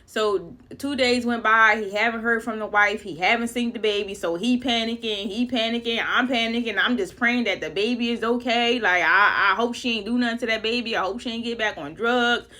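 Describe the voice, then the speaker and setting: A woman's voice: on the high side, fairly quick, few pauses, pushed and bright. A woman vlogger telling a dramatic story in a casual, chatty way with loose slang.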